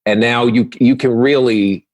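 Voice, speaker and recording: A man's voice: mid-range voice, steady tone, unhurried, no room sound. A man who is a comedian guest on a podcast, talking in a reflective, rambling way, full of "you know"s. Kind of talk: casual chat.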